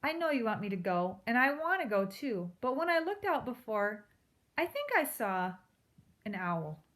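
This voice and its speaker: A woman reading aloud, voicing a timid young female mouse with a high, anxious, pleading voice. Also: big pitch swings, normal speed, fairly bright tone.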